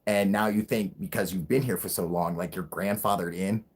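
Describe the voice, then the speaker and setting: A man's voice: low-pitched, fairly even intonation, normal speed, breathy edge. A young man hosting a casual livestream, rambling and swearing, with frequent laughs. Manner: rambling, profane, laughing often. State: high. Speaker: livestream host.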